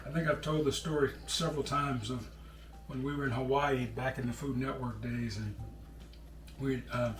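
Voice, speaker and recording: A man's voice: medium pitch, fairly even intonation, moderate pace, a bit bright, reverberant, distant mic, soft background music. A middle-aged man hosting a home cooking show, chatting casually as he preps vegetables and calls people "brother.". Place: home kitchen.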